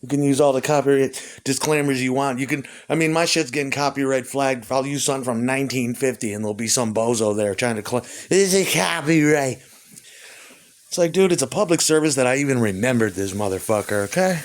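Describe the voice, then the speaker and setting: A man's voice: mid-range voice, quick pace, few pauses. A man ranting in a rambling, profane monologue, swearing heavily and chuckling between complaints. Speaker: vlogger.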